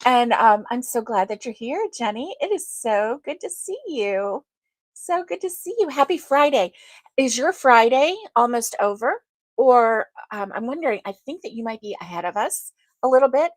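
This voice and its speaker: A woman hosting a casual crochet livestream, chatting slowly with lots of ums and greeting viewers by name. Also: a little high, animated, no echo. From United States.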